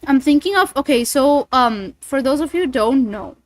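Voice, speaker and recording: A woman's voice: high voice, lively intonation, moderate pace, dry recording, faint music behind. A woman streamer chatting casually and rambling, swearing freely between thoughts. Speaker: streamer and voice actor. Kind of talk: casual livestream chat.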